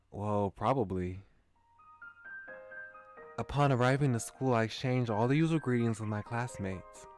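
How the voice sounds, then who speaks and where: A man's voice: mid-range voice, a little slow, long pauses, soft background music. A man streaming a visual novel, reading it aloud with chuckling, musing asides. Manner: chuckling, musing asides between read lines.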